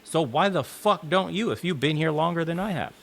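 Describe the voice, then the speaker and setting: A man's voice: fairly high pitch, lively intonation, brisk, creaky. A man in a clip played from another video, delivering a blunt, heated, profane opinion rant. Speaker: commentator in a reacted video.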